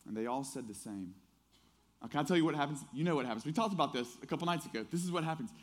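Man preaching with hushed, animated swings. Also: on the high side, very fast. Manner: shifts between hushed prayer and animated storytelling; conversational, with fillers and acted quotes. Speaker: pastor. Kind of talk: sermon.

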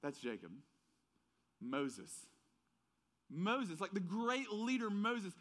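Animated preacher with a faint Southern accent. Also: male voice, high-pitched, takes it slowly, pauses often. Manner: animated, storytelling, conversational with many fillers. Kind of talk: casual sermon.

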